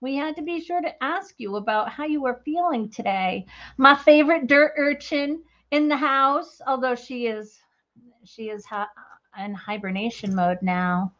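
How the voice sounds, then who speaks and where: A woman with a high, slightly slow voice and a somewhat bright tone hosts a crafting livestream, recorded with a muffled sound. She chats casually with her live viewers in a bubbly, talkative manner and laughs often.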